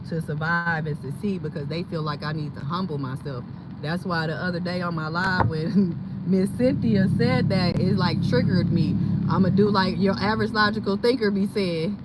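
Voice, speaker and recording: A woman talking casually in a rambling, chatty way with a valley-girl lilt while she drives and vlogs from her car. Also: on the low side. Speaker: vlogger. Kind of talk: casual chat vlog while driving. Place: inside a car on the road. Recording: loud traffic and road noise.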